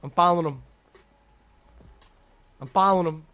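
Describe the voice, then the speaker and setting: A young man live-streaming a game, chatting excitedly with his viewers and teammate, greeting people by name in slangy talk. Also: on the high side, normal speed. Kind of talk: live gameplay commentary.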